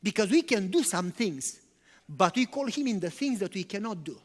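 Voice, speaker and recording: A man's voice: high-pitched, very animated, moderate pace. A male pastor preaching in a conversational way, with rhetorical questions and non-native English phrasing. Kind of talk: sermon. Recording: long church-hall reverb.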